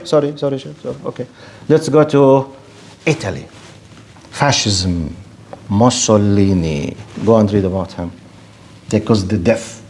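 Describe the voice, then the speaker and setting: Animated man giving a religious lecture. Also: fairly high pitch. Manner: animated and rhetorical, mimics objectors in quick asides. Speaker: Islamic lecturer. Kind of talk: lecture to an audience.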